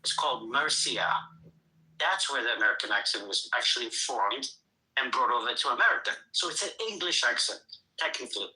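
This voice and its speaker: A man's voice: medium pitch, lively intonation, brisk, pushed and bright, low-quality recording. A man hosting a livestream, arguing heatedly, insulting and swearing and talking over the others. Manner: brash, insulting, profane, talks over others. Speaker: livestream host.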